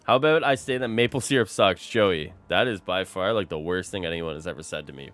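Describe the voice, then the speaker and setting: A man's voice: low voice, brisk, dry recording, faint music behind. A young man streaming, chatting casually with his audience, swearing a lot and calling everyone bro. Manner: animated, swears a lot, says bro constantly.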